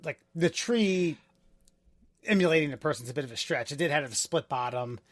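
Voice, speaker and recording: A man co-hosting a podcast in casual chat, laid-back and wry with deadpan jokes. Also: on the high side, a little fast, no echo, clean studio sound. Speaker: podcast co-host.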